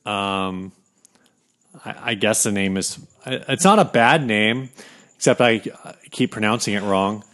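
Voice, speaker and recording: A man's voice: fairly low pitch, a little slow, fairly bright tone. A man co-hosting a casual guitar podcast, rambling with restarts and dry jokes. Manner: rambling, many restarts and fillers, joking. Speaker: podcast co-host. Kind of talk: casual chat about guitars.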